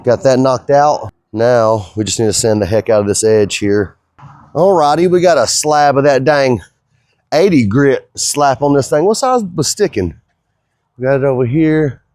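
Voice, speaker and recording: A man's voice: mid-range voice, expressive, moderate pace, a little mellow, dry recording. A middle-aged man, the owner of a fabrication shop, talking casually in a rambling, folksy way as he works. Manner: easygoing, rambling, folksy talk.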